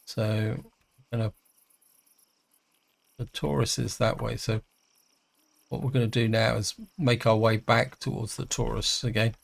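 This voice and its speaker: A middle-aged man giving casual let's-play commentary, chatty and hesitant, thinking aloud with many pauses. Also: lowish voice, little pitch movement, vocal fry. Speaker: gaming channel host.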